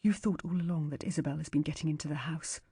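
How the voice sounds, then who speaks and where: A woman's voice: low-pitched, fast talker, dark tone, slightly rough, no room sound, clean studio sound, heavily acted. A woman reading the lines of a tense young father who speaks bluntly. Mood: worried. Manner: blunt, clipped.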